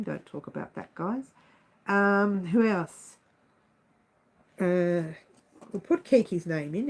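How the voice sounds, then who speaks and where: A woman hosting a casual livestream, chatting to her viewers by name in an animated way. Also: medium pitch, poor audio. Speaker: livestream host.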